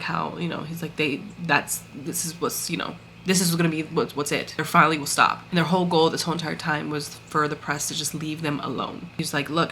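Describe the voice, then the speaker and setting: A woman's voice: low voice, sharp tone, a little hiss or hum. A woman chatting casually about a story she loved, gushing and acting out bits of dialogue with lots of fillers. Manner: gushing, chatty, full of fillers and acted-out quotes. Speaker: book reviewer. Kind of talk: casual chat recapping a story.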